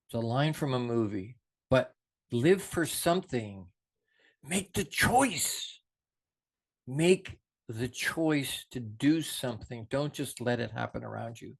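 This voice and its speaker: A middle-aged man hosting a show, giving an unscripted, passionate motivational talk that swings between soft reflection and emphatic urging. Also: mid-range voice, expressive, slow pace, gravelly, pauses often.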